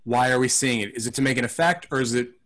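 A man's voice: medium pitch, fast talker, fairly bright tone. A man co-hosting a casual film podcast, talking in a thoughtful, rambling, hedging way. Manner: acts out mock quotes in silly voices.

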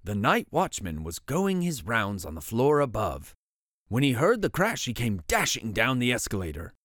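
Animated storybook reader with a dry close voice. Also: male voice, medium pitch, moderate pace, no room sound. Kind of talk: reading a bedtime picture book aloud.

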